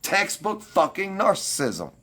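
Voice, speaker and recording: A man's voice: sits high, wildly swooping pitch, unhurried, sharp tone, slightly rough. A man ranting defensively and with heavy profanity at his livestream commenters.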